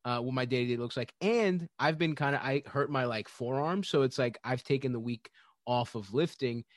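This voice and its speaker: A man's voice: medium pitch, normal speed, dry recording, clean studio sound. A man talking in a casual podcast conversation, chatty and profane, with many fillers and laughs. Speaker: podcast guest.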